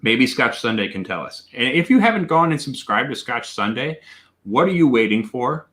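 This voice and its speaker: A man hosting a casual livestream whiskey tasting. He is excitable and profane, bursts into amazed exclamations, and answers viewer chat. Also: mid-range voice, normal speed. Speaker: whiskey reviewer and host.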